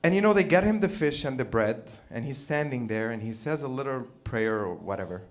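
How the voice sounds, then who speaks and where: A male comedian runs through an irreverent stand-up set. His voice sits in a middle register. His delivery swings up and down with lively inflection. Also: medium pitch, fairly quick. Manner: irreverent, animated storytelling. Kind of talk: stand-up routine.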